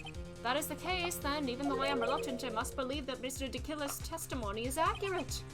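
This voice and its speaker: A woman reading the lines of a stern elderly male judge in a formal, measured way. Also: high-pitched, music in the background, close to an everyday voice. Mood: solemn.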